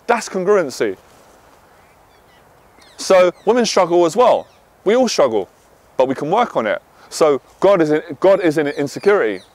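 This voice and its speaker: A man coaching on dating, talking intensely, swearing and then calming himself down. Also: a little high, normal speed, pauses often. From half Irish. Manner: intense, swears, swings from loud to quiet. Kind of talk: passionate monologue to camera.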